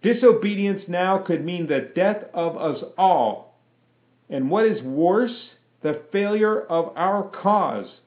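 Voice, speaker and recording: A man's voice: high-pitched, lively intonation, slow pace, roomy sound, voice pushed up. Man putting on a stern formal lieutenant. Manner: formal, lecturing. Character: stern male army lieutenant, stiff and formal. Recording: tinny phone-like sound.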